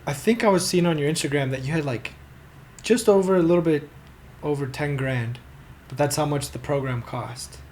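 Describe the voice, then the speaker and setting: A man's voice: on the high side, normal speed, darkish tone, slight background noise. A man hosting a podcast, chatting casually and enthusiastically, asking rambling questions. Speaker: podcast host. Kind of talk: casual interview chat.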